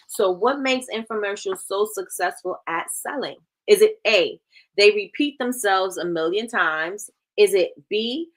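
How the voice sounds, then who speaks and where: A woman's voice: lowish voice, bright, forceful tone. A woman hosting a livestream, quizzing viewers in a chatty, casual teaching manner, with plenty of "y'all" and "you know". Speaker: livestream host. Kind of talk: casual live-chat teaching.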